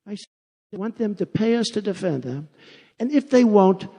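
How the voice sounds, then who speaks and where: A man's voice: sits high, lively intonation, normal speed, gravelly, mellow. A man giving a campaign rally speech. He talks off the cuff, repeats himself and boasts. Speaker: political candidate. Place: large rally venue. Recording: long arena reverb.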